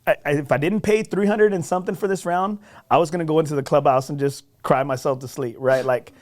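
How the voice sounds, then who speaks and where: A man on a podcast telling a golf story in a casual, animated, self-deprecating way, often checking in with "right?". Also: on the high side, fast.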